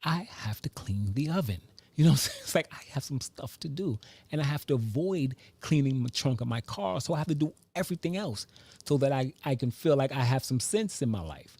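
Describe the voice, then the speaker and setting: A man and father telling family stories in a casual vlog, animated, with sudden pitch jumps and hushed asides. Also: fairly quick, husky, dry recording. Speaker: vlogger. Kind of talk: casual storytelling monologue.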